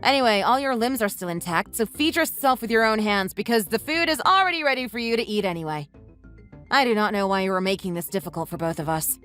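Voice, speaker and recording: A text-to-speech woman's voice voicing a scornful, sharp-tongued young wife who scolds her husband in a text-message story. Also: mid-range voice, lively intonation, fast, soft background music, close to an everyday voice. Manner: mocking, scolding.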